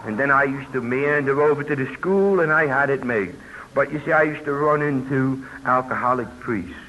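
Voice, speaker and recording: A man's voice: medium pitch, moderate pace, bright, forceful tone. Older New man telling his story. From New York. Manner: plainspoken storytelling, folksy asides. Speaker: recovery convention speaker. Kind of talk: personal testimony talk. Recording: muffled old tape with hiss.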